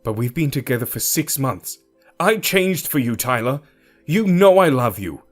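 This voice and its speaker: A man's voice: mid-range voice, very animated, normal speed, soft background music, voice pushed up. A man voicing a hurt, anxious young man who pleads with his boyfriend in an audio story. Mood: pleading. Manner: pleading, emotional.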